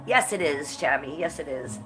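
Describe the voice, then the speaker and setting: A congested woman with a low, slightly bright voice runs a casual livestream, blunt and foul-mouthed. She coughs between lines because of her cold.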